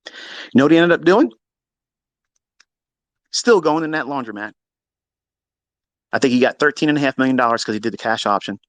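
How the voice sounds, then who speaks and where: A man's voice: medium pitch, fairly quick, long pauses, dry recording. Guy ranting thru a story, cussing a lot, mocking tone, dry sound. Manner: profane, mocking, animated storytelling. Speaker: Twitter Space host. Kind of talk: casual storytelling rant. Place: lives in Maryland.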